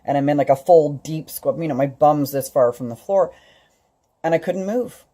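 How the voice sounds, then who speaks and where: A woman's voice: deep voice, a little fast, mellow. A middle-aged woman vlogging, telling a personal story in a rambling way, full of fillers and restarts. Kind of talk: casual storytelling vlog.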